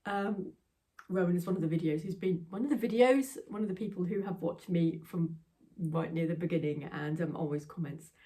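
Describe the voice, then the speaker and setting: A woman's voice: on the low side, a little fast, warm tone, far from the mic. Rambling, laughing English woman, a bit off-mic. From England. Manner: rambling, self-deprecating, laughs often. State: tearful, emotional. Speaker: craft channel host. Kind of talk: casual chatty vlog.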